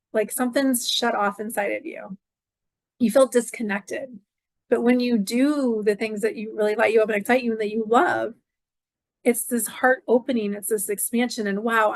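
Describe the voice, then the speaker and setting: A middle-aged woman speaks in a fairly high voice, recorded dry and close with no room around her. She talks in a rambling, heartfelt way, circling back on her own phrases and leaning on "like" as she hosts her astrology channel. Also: no room sound. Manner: effusive, repeats phrases, many "like" fillers. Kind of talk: casual spiritual monologue.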